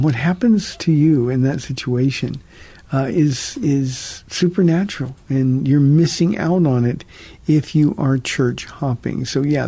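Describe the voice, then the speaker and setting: A man's voice: medium pitch, warm tone, slightly rough, dry recording. A man, a pastor, answering listener questions on a radio call-in teaching show in an earnest, conversational way with frequent restarts.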